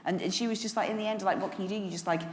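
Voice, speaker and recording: A woman's voice: mid-range voice, steady tone, rapid-fire, in a large hall. A woman around fifty, a guest author on stage at a lunch event, chatting candidly and laughing often. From England, West Midlands. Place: large hotel function room.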